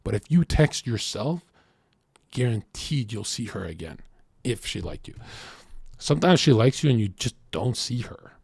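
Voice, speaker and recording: A man's voice: medium pitch, sing-song, normal speed, darkish tone, slightly rough, no echo, clean studio sound. A man streaming, reacting to chat and reading messages aloud, in a brash, profane, boastful way, rambling and acting out bits of dialogue.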